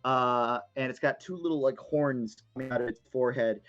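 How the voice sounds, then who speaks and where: A man's voice: medium pitch, fairly even intonation, a little fast. Casting: man as game master, loose improvised narration, muffled lo-fi stream sound. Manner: rambling, filler-heavy improvised narration. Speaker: dungeon master.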